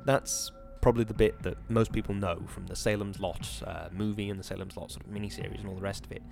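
A man hosting a podcast, giving a measured, dramatic reading of a horror novel and then chatting about it. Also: on the low side, steady tone, vocal fry, darkish tone, faint music behind. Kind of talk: dramatic reading and casual commentary.

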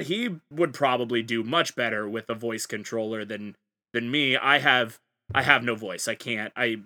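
Male co-host, bright tone, theatrical bits in casual banter. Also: medium pitch, normal speed. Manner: animated, acts out scenes with sudden loud bursts. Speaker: podcast co-host. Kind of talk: casual comedic chat.

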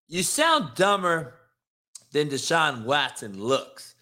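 Slow and on the high side with big pitch swings, this man hosts a sports talk show. His rant about sports is full of swearing, confrontation and mockery, going from loud to quiet and back.

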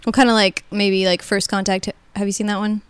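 A woman hosting a casual podcast, playful and chatty, with quick asides. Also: medium pitch, level tone, smooth. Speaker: podcast host.

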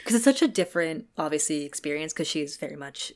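A woman's voice: sits low, animated, fast. A woman co-hosting a casual book chat, swearing, laughing and peppering her talk with filler words. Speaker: book podcast co-host. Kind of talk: casual chat recapping a novel.

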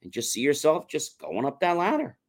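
A man's voice: a little high, big pitch swings, fairly quick, creaky. A man on a talk show explaining a mindset technique, coaching listeners and acting out repetitive self-talk.

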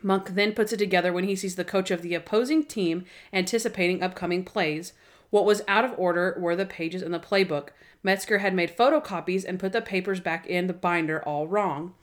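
A woman co-hosting a podcast, recapping a TV episode in bubbly, chatty fashion and acting out scenes with big voices. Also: on the low side. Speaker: podcast co-host. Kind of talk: casual episode recap chat.

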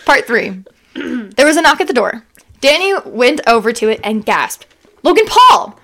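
Woman, fairly high voice, giggly, stumbling, reading fan fiction aloud. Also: lively intonation, normal speed, fairly bright tone. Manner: giggly, stumbles and rereads lines. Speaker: podcast co-host.

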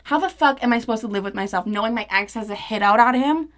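Young female podcast host, casual storyteller, profane and animated, acts out the dialogue. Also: a little high, quick pace.

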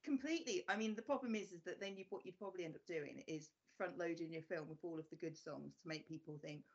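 A woman's voice: lowish voice, fast, lo-fi sound. A woman on a casual film podcast explains musical theatre knowingly and emphatically, with some swearing. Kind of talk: casual film review chat.

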